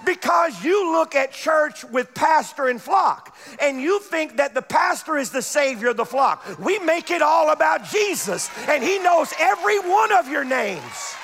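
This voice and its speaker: A pastor preaching a fervent sermon, building to shouted peaks and dropping into laughing asides. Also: male voice, extremely high pitch, very animated, unhurried, hardly any pauses, in a large hall, some chatter behind. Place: church sanctuary.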